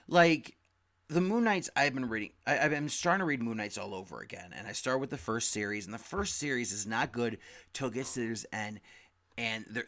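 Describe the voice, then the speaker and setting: A young man talking casually about comics, rambling, swearing freely and loudly acting out quotes. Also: medium pitch. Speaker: comic book podcast host. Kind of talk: casual comic review rant.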